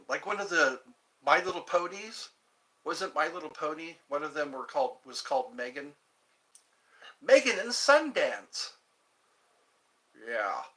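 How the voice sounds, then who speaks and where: A man's voice: on the high side, animated, moderate pace, pushed and bright. A man hosting a livestream, chatting casually and rambling with frequent chuckles. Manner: chuckling, drifting between impressions. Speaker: livestream host.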